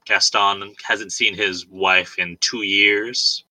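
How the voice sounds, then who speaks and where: Bright-voiced man co-hosting a podcast. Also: on the low side, fairly even intonation, slow pace, no room sound, rough recording. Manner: chatty, laughs often, self-deprecating. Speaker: podcast co-host. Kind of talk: casual film review chat.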